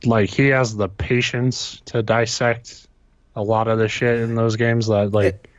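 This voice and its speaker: A man's voice: medium pitch, little pitch movement, unhurried, dry recording, dull audio. A man co-hosting a casual gaming podcast who talks hesitantly, with lots of fillers and casual swearing. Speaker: podcast co-host.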